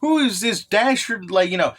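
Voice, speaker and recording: A mock-pompous onlooker remarks on the scene in exaggerated, overly formal words, put on by a man. The voice is pitched up, bright and sharp. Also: expressive, normal speed.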